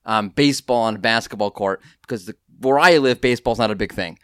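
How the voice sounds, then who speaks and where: A man hosting a podcast from home, telling stories in a lively, self-deprecating way with quick asides. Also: on the low side, clear, resonant tone, dry recording, studio quality. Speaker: podcast host. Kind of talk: casual podcast chat.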